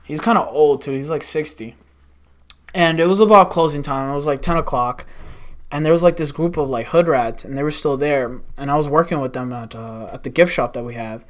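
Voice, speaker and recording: A young man with a slightly high voice speaks briskly as a podcast guest, casually telling wild stories from work. He's animated, swears often, and acts out what people said.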